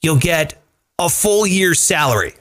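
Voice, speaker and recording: Animated, profane male show host. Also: a little high, measured pace. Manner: animated, profane, emphatic explaining. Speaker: podcast host. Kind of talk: casual chat show.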